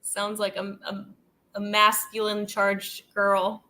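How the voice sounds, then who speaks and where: With a completely flat, slow delivery, this woman's medium-pitched voice still comes across pushed and bright. She's a channel host doing casual commentary chat, rambling, laughing between thoughts and saying "like" and "dude" constantly.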